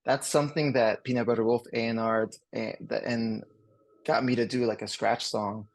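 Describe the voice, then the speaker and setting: A man in his forties with a French Canadian accent, a guest chatting casually on a podcast in a rambling, relaxed way. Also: mid-range voice, normal speed, dry recording. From Canada, Montreal. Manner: rambling and relaxed, many fillers and restarts.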